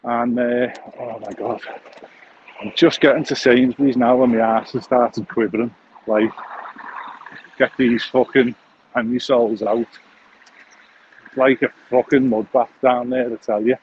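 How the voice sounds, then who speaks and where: A man's voice: medium pitch, fairly even intonation, measured pace, pauses often, a little mellow. A podcast host rambles crudely and jokily, swearing and restarting his sentences as he walks outdoors. The sound is dull and lo-fi from a phone mic. A faint hum of the street sits behind his mid-range voice. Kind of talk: rambling casual monologue. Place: outdoors, walking along a street.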